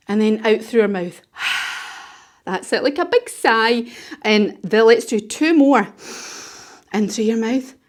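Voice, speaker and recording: A woman's voice: on the high side, darkish tone. A woman leading a children's yoga class while telling a story, playful and encouraging. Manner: encouraging, playful, sing-song. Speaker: kids yoga teacher.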